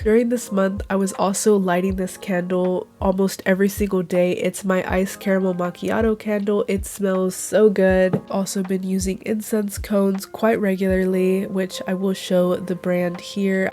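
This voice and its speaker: A young woman talks through her monthly favorites at an even, unhurried pace, calm and gently enthusiastic. A cold has left her sounding nasal and congested. Her pitch sits in an ordinary middle range for a woman. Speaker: YouTuber. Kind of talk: monthly favorites vlog narration.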